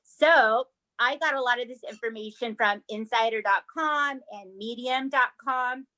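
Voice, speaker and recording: Woman podcast co-host, chatty, laughs a lot, fairly high voice. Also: a little slow, pushed and bright. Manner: chatty, laughs often, says "y'all". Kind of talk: casual chat.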